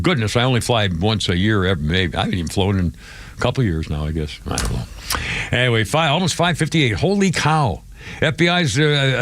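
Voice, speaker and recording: A man's voice: on the high side, a bit bright, dry recording. A man hosting a live radio talk show, reading out news items in a rambling, chatty way with lots of fillers and asides.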